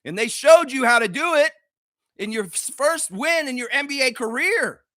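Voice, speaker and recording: A man's voice: very high voice, expressive, normal speed, bright, forceful tone, dry recording, studio quality. A man hosting a live basketball reaction show, ranting heatedly and profanely at the players. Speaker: sports reaction host.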